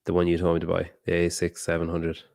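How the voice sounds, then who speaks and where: A man's voice: low-pitched, completely flat delivery, quick pace, gravelly, a little mellow, dry recording, studio quality. A man with an Irish accent from the north of Ireland, co-hosting a podcast in a loose, swearing, casual chat. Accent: Irish, Donegal area. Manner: laid-back, swears freely, trails off and restarts. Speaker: podcast co-host.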